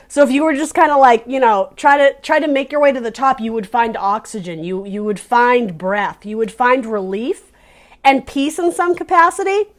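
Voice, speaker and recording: A woman with a slightly raised voice talks through a tarot reading in a casual, searching way. She speaks straight to the viewer and often restarts her phrases while she finds the right words. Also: a little high. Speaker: tarot reader.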